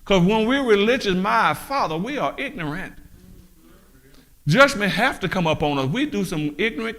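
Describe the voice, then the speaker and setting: A male pastor delivering a fiery sermon. His voice sits high and rings bright and forceful. He throws rhetorical questions at the listeners and swells into shouts. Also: very animated, a little slow. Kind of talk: preaching sermon.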